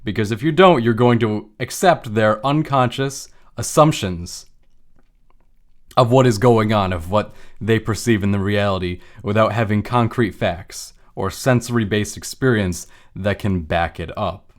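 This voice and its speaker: A man's voice: lowish voice, measured pace. Man explaining with everyday examples. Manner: conversational, uses made-up everyday examples. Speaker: lecturer on emotions. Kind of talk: casual explanatory talk.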